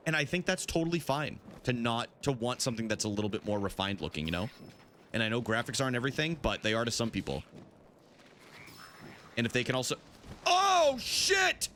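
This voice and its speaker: Young male streamer, animated casual delivery, curses freely, faint background noise. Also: mid-range voice, quick pace. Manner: chatty, answers chat, swears freely. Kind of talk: casual live-stream chat while gaming.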